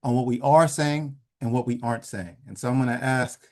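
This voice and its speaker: A man giving a measured lecture over slides in an online session, trailing off softly at the ends of phrases. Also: medium pitch. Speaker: presenter leading an online session. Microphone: video call.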